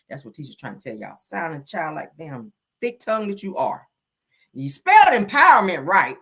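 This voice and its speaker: This woman's voice is mid-range, husky and fairly bright as she runs a gossip livestream. She drawls sassy asides, says "honey" and "child" often, and laughs frequently while poking fun in casual live commentary.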